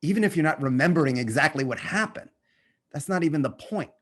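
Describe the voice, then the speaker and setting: A man, a guest artist, talking casually in a halting way full of restarts and quick bursts. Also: a little high, lively intonation, a bit bright. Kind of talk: casual conversation.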